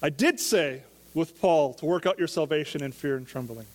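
Pastor guy preaching, kinda high voice, lots of questions to the crowd, long echo of a church hall. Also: moderate pace, darkish tone. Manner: conversational preaching with rhetorical questions. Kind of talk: sermon.

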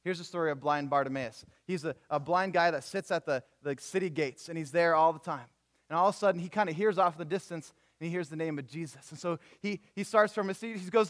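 A man's voice: on the high side, quick pace. A young man preaching a sermon, telling stories casually and acting out the people in them. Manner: animated storytelling with voiced characters, casual slang. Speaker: youth preacher.

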